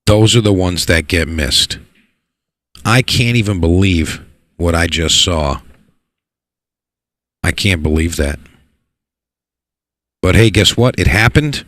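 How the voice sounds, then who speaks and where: A man giving live play-by-play commentary on a pool match, excitable and repeating words for emphasis. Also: deep voice, no echo. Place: pool hall.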